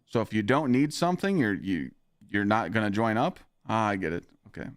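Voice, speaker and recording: A male gaming streamer rants profanely to his chat, his pitch swinging widely as he gets worked up and laughs. His voice comes through dry, close and unroomy. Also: expressive, a little fast, no echo. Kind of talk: casual live-stream chat.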